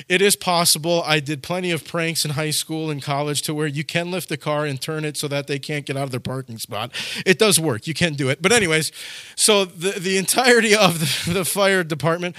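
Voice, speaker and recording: A man preaching a sermon to his congregation, telling stories and acting out the scenes with sudden loud shouts. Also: a little high, a little fast, no echo, clean studio sound. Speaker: pastor.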